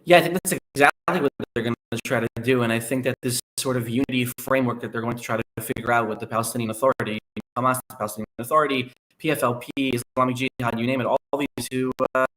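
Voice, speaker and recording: A man's voice: medium pitch, steady tone, fast talker, few pauses, a bit bright, rough recording. Man explaining as a guest analyst. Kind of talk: conversational podcast interview.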